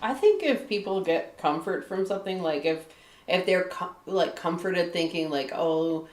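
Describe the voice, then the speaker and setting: Woman from michigan chatting casually on a live stream, says like a lot, low-ish voice, echoey room. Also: expressive, normal speed, a little mellow, slight background noise. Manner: candid, laughs often, lots of "like" and "you know". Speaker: guest author.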